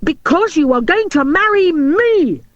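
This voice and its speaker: Hot-headed shouting boy, woman reader, high and loud. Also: big pitch swings, moderate pace, no room sound, muffled recording. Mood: furious. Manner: shouting, exploding with temper. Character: hot-tempered jealous young boy.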